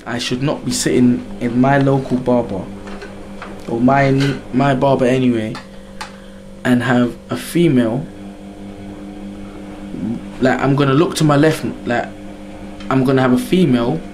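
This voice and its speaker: A young man delivering a comedic rant to camera, slangy and animated, acting out little scenes. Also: mid-range voice, measured pace, long pauses, background noise.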